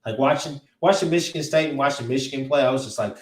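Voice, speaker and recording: A man's voice: medium pitch, fast talker. A man giving blunt, rambling opinions in casual sports talk, often restarting his sentences. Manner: blunt, rambling, with many restarts and filler words. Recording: roomy echo, distant from the mic.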